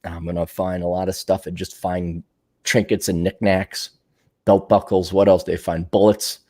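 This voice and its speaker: A man's voice: low-pitched, level tone, normal speed, warm tone. A man hosting his podcast alone, rambling and musing aloud in a sardonic way, slipping into little voices for his own thoughts. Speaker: podcast host. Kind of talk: rambling solo monologue.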